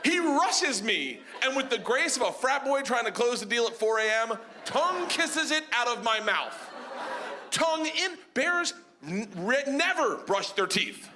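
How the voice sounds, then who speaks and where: A middle-aged man telling a stand-up story on a comedy stage, loud and excitable, shouting punchlines and acting out characters. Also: very high-pitched, a little slow. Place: comedy stage before a laughing audience. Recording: live show with clear audience noise.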